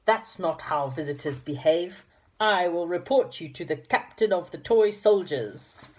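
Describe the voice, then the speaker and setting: A woman voicing a pompous, easily offended wobbly toy man in a children's storybook, loud and drawn out when indignant. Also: on the low side, lively intonation, a little slow. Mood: outraged. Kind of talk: storybook character voice.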